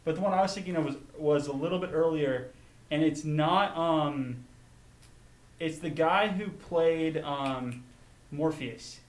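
Man co-host, chatty and teasing, high bright voice, echoey room. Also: unhurried. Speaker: podcast co-host. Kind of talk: casual chat.

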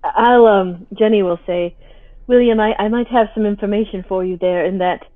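A woman's voice: medium pitch, fairly even intonation, normal speed, lightly acted. Woman playing a socialite, breezy, affectionate, tinny phone-like sound. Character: poised wealthy socialite woman.

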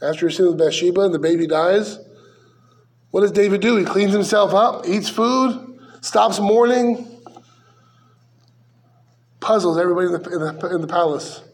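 A man's voice: high-pitched, moderate pace, pauses often. A man, likely a pastor, preaching a verse-by-verse sermon in a conversational way, with rhetorical questions and dry asides.

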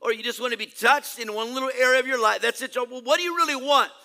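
A man's voice: extremely high pitch, fast, sharp tone, pitched above the performer's own voice, heavily acted. A man voicing God, earnest and probing.

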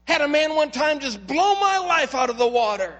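An earnest male pastor delivers a sermon with a strikingly high, forceful voice. He repeats words as he builds and calls out directly to his congregation. A long hall reverb trails every phrase. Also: sing-song, moderate pace. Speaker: lead pastor. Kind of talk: impassioned sermon.

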